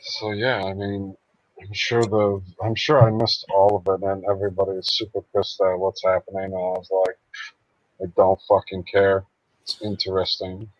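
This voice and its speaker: Drowsy, profane male co-host; lowish voice, muffled dry recording. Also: flat delivery, normal speed, no echo. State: half asleep. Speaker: podcast co-host. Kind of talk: casual podcast chat.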